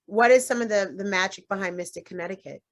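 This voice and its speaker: A woman's voice: medium pitch, fast talker. A woman hosting an interview show, upbeat and chatty as she asks questions and promotes the show. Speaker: host.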